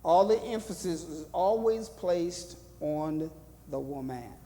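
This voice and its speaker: A man's voice: on the high side, expressive, slow pace, dark tone, big-room sound. A male pastor teaching a Bible study in a church, repeating phrases and asking the room questions in a preaching cadence. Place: church hall.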